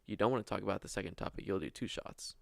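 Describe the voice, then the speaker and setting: Low gravelly man, dry close sound. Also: very fast, no room sound. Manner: laid-back, short backchannels, explains game rules. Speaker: podcast host. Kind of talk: casual chat.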